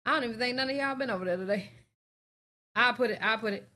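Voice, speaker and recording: A woman's voice: fairly high pitch, fast talker, bright, forceful tone. A woman hosting a reaction stream, giving blunt, profane, casual commentary to her viewers.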